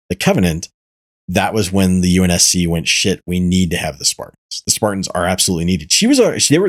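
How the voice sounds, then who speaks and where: A man's voice: sits low, breathy edge, no room sound, clean studio sound. A man hosting a podcast, explaining at length in a rambling casual way with many fillers. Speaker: podcast host. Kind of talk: casual chat.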